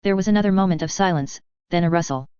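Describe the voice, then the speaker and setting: Low, clear woman narrating a tense story. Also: fast talker, darkish tone, no room sound. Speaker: audiobook reader. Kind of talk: first-person fiction narration. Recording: dry, slightly muffled recording.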